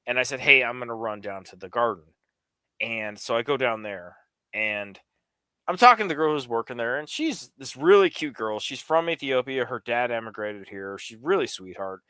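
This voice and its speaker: Lively, bright-voiced storytelling man. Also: mid-range voice, moderate pace, clean tone, dry recording. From New York area. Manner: rambling storyteller, profane, animated. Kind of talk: casual livestream chat.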